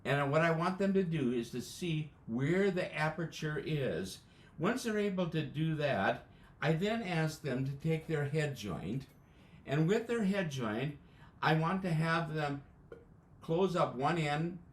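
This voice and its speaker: A man's voice: a little high, lively intonation, a little slow. American man teaching band, echoey room. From United States. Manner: methodical, explaining step by step with frequent fillers. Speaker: band music educator. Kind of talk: instructional demonstration. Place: indoors, joining live by video. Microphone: video call.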